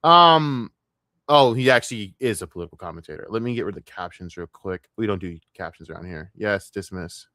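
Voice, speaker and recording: A man's voice: fairly low pitch, animated, brisk, sharp tone, no echo. A man hosting a casual live stream, reacting to clips with crude, sarcastic, rambling talk.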